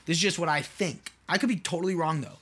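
A man's voice: a little high, expressive, quick pace, fairly bright tone, husky. Man with a raised voice rambling on his podcast. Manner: rambling, talks to listeners with rhetorical questions and many "like"s. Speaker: podcast host and mentor. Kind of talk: casual solo podcast monologue.

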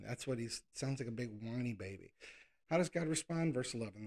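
A pastor with a medium-pitched, expressive, slightly fast and mellow voice delivers a casual sermon. He reads scripture, talks conversationally, and now and then puts on playful whiny voices.

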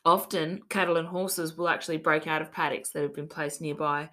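A woman's voice: sits low, steady tone, brisk, fairly bright tone. A woman hosts a casual podcast and tells a spooky legend. She giggles often, stops for chatty asides, and reads old quotes aloud. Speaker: podcast host. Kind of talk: casual storytelling chat.

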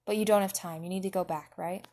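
A woman voicing a gruff, blunt young dragon king who scowls and swears. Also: fairly low pitch, steady tone, quick pace, warm tone.

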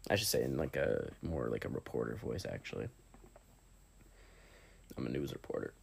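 A man's voice: rumbling low, lively intonation, moderate pace, vocal fry, pauses often, husky. A young man chatting and joking during a party card game over an online voice call, laughing between lines.

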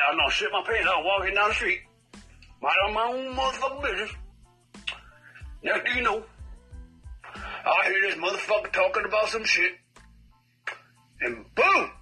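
A man's voice: fairly high pitch, slightly rough, full character voice, poor audio. A man doing a rowdy, foul-mouthed Cecil. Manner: profane, loud, rambling rants. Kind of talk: comedic character voice message.

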